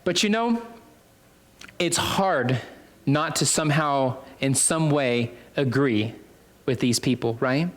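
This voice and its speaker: A man's voice: medium pitch, takes it slowly. A man preaching a sermon in a conversational way, full of fillers and restarts, repeating phrases for emphasis.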